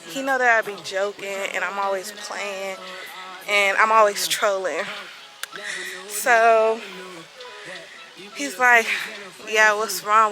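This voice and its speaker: A young woman recounts a personal story for her vlog, with a bright, forceful tone. She tells it dramatically and acts out the voices of the people in it. Soft music plays faintly behind her. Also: medium pitch, poor audio. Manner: animated, dramatic retelling that acts out quoted voices. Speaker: vlogger.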